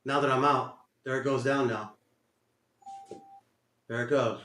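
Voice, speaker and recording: A man's voice: mid-range voice, fairly even intonation, measured pace, sharp tone, slight background noise. Muttering frustrated man in an echoey room. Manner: frustrated, muttering, cursing, repeating himself. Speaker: day trader streaming his trades. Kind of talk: live trading commentary. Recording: roomy echo.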